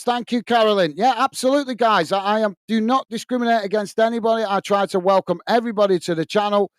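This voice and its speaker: A man with a high, smooth voice hosts a live football watch-along, talking earnestly to viewers with plenty of fillers and false starts. The sound is dry and close, as if from a headset at home. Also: fairly quick, dry recording. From England. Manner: chatty, restarting often with fillers, earnest. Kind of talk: live match commentary and chat. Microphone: headset earpiece.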